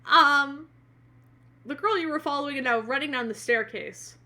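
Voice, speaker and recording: A woman's voice: high-pitched, normal speed, pushed and bright. A woman narrating a tabletop role-playing game as game master on a live stream, hesitant and full of fillers.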